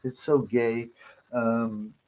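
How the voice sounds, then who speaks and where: A man's voice: medium pitch, flat delivery, extremely slow, darkish tone, low-quality recording. A man hosting a live stream, ranting in a crude, mocking, rambling way. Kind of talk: casual live-stream rant.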